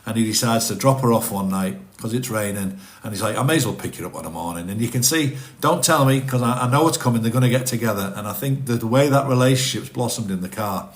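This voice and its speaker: A man's voice: medium pitch, fast, few pauses. A middle-aged man, chatting casually on a livestream and answering viewers' comments as he rambles. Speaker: livestream host reading chat. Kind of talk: casual live chat.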